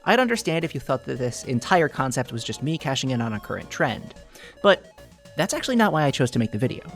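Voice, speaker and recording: A man narrating a mock-serious video essay over faint background music. His mid-pitched voice swings up and down in lively bursts, and he delivers over-the-top analysis with earnest gravity while nearly cracking up. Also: fast. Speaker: YouTube theory video host.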